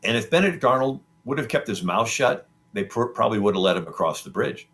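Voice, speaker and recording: Speaking fast with lively intonation, this historian guest has a lowish, fairly bright voice. Interviewed about the past, he rambles through the story conversationally, often saying um and starting over.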